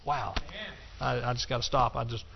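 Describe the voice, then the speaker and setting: A pastor preaching a sermon to his congregation in a folksy, animated way, swinging between loud bursts and hushed asides. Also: mid-range voice, moderate pace, vocal fry, slightly rough, lo-fi sound. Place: church.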